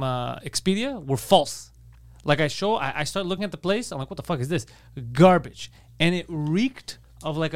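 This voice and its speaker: A man's voice: a little high, fairly bright tone. A man co-hosting a podcast, telling stories in casual chat, swearing a lot and acting out the quotes. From Greek family heritage. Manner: profane storytelling, acts out quotes. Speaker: podcast co-host.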